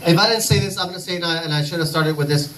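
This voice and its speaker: Profane stand-up comic, heard from afar. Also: male voice, fairly high pitch, racing. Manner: profane, rambling, crude. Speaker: stand-up comedian. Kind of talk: stand-up comedy set. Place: comedy club stage. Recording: distant mic, noisy live recording.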